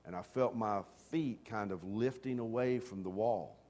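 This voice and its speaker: A man preaching a storytelling sermon, self-deprecating and animated, dropping to hushed asides and then rising to loud, excited bursts. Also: fairly low pitch, normal speed. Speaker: pastor.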